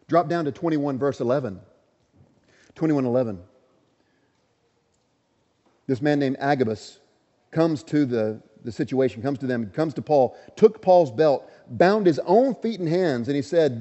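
A man preaching an earnest, emphatic sermon and asking the congregation questions. His voice is mellow and dark. The recording is dull with a long reverb. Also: a little high, lively intonation, moderate pace. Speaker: pastor.

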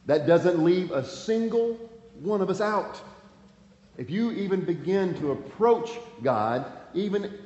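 A man's voice: high-pitched, lively intonation, unhurried, dark tone. A man preaching a sermon, earnest and pleading, reading scripture aloud with emphasis. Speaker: pastor. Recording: echoey hall, dull lo-fi sound, faint ambience.

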